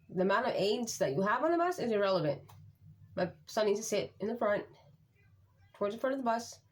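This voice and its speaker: A woman's voice: mid-range voice, a little mellow. A woman vlogging as a parent, talking frankly and rambling with many fillers in casual talk to camera.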